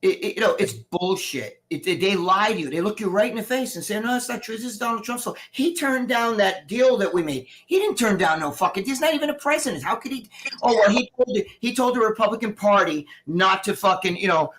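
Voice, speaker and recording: A man's voice: high-pitched, expressive, a little fast, a bit bright. A middle-aged man chatting on a live stream, ranting in a heated, rambling way with lots of swearing. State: recovering from surgery. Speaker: guest. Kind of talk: casual live-stream chat.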